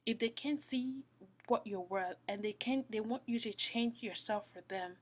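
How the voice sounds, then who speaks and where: A woman giving a heartfelt devotional talk, earnest and repetitive, often falling to a soft whisper. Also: fairly high pitch, normal speed. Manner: earnest, repeats phrases, drops to soft whispers. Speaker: Christian speaker.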